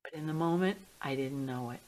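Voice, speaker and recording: A middle-aged woman telling a story from her own life as a guest in an interview. She talks in a lively, expressive way and acts out the voices in her head, swinging between hushed and loud. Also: deep voice, fairly quick. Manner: animated storyteller, acting out her inner voices. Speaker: guest, healing music artist.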